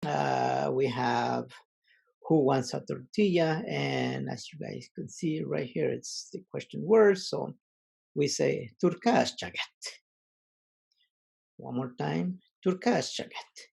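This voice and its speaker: Slow, gravelly-voiced male language teacher. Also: mid-range voice, a little mellow, poor audio. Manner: slow, measured, pausing often with fillers; reads word lists aloud for repetition. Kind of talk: recorded online language lesson.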